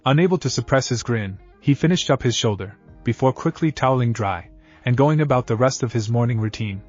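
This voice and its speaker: A man reading scripted fan fiction narration in a steady, even way. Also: mid-range voice, fairly quick. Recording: dull lo-fi audio with faint music.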